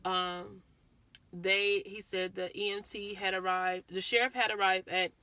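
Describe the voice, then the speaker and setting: A woman's voice: medium pitch, little pitch movement, a little slow, bright, forceful tone, dry recording. A woman vlogger earnestly recounting a painful personal story, often repeating herself.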